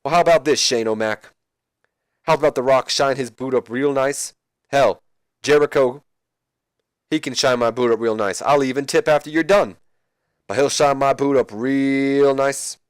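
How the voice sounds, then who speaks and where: A man voicing a swaggering male wrestler who brags about himself in the third person with slow, drawn-out lines. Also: mid-range voice, dry recording, close to an everyday voice. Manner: drawn-out, boastful.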